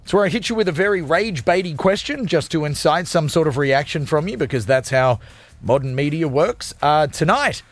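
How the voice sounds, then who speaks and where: A man's voice: a little high, lively intonation, moderate pace, soft background music. A man hosting a radio show, talking in jokey, self-mocking, hyped patter. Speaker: radio host.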